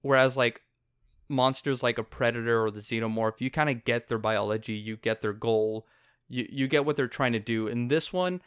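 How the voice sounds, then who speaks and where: A man co-hosting a movie review podcast, talking in a rambling, animated way and laughing often. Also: medium pitch, moderate pace, clean tone, dry recording, studio quality. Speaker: podcast host. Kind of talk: casual movie review chat.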